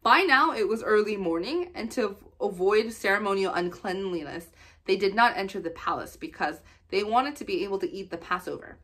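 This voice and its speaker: A woman reading scripture aloud for children in steady, plain narration. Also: medium pitch, fairly quick. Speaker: Bible reader for children.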